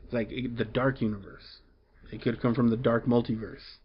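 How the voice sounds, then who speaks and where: A man's voice: mid-range voice, level tone, moderate pace, slightly rough, dull audio. A man casually recapping a comic book story, rambling along with lots of fillers and restarts.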